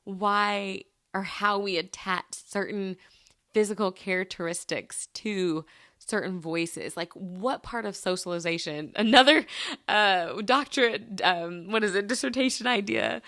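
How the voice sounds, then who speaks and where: A woman podcast host with a medium-pitched, slightly bright voice tells stories at an unhurried pace. Her casual chat is chatty and loaded with fillers.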